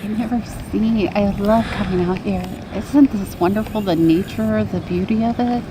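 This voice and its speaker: A woman talking gently and admiringly while outdoors by the water. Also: mid-range voice, normal speed. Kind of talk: casual chat. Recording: noisy outdoor recording.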